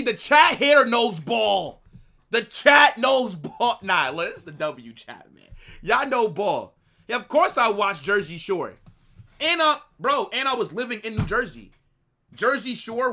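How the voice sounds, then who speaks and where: A man's voice: high voice, sing-song, normal speed, pushed and bright. A young man casually chatting to his live-stream viewers in a slangy, rambling way. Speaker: watch-along streamer.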